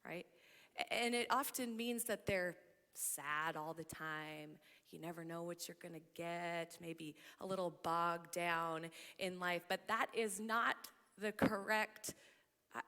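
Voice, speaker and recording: A woman giving a sermon in church, talking animatedly and growing loud when excited, with frequent laughs. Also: on the low side, slow, clean tone. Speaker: church speaker. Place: church auditorium. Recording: long hall reverb.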